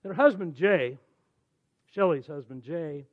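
A man in his sixties, a church elder, telling conversion stories in a folksy, animated sermon. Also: a little high, measured pace, phone-quality sound. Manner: animated, folksy storytelling with quoted dialogue. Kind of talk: storytelling sermon.

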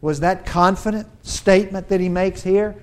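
A man preaching a sermon, pausing for emphasis and building to urgent, rising lines, often restarting and repeating words as he works toward a point. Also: high voice, fairly even intonation. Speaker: pastor.

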